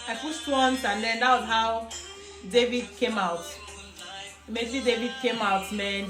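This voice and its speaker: Nigerian woman chatting away, animated and laughing, highish voice, echoey room with music playing. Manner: animated, laughing, mixes in pidgin. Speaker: vlogger. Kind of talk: casual storytelling.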